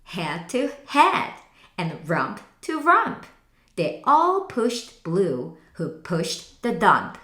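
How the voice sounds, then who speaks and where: A woman teacher reading a picture book aloud slowly, in an expressive sing-song way. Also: lowish voice, echoey room. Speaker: English teacher.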